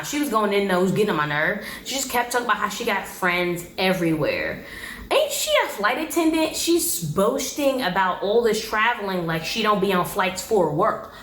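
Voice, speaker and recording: Woman, casual recap vlogger, gossipy, does quick impressions of people, echoey room. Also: mid-range voice, big pitch swings, fairly bright tone. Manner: chatty, gossipy, acts out quotes.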